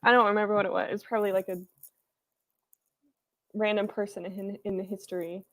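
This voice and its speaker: A young woman on a writing livestream from her room chats playfully and reads out comments from her chat. She talks fairly quickly with a flat delivery, in a medium-pitched voice with a fairly bright tone.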